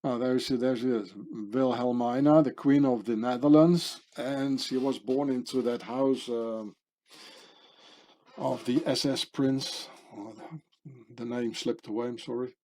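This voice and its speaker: A man's voice: mid-range voice, steady tone, measured pace, warm tone. A man giving casual commentary as he reads through a list of names, musing and rambling, trailing off with fillers and correcting himself. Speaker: video commentator.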